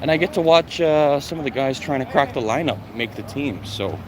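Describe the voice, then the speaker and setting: Guy doing a phone live stream walking down the street, loose chatty talk, mid pitch, traffic noise all around. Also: animated, brisk. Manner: loose, chatty, swears casually. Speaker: live streamer answering chat questions. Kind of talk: casual live-stream chat while walking. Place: outdoors on city streets heading to an arena. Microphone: phone held while walking. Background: street traffic and city noise.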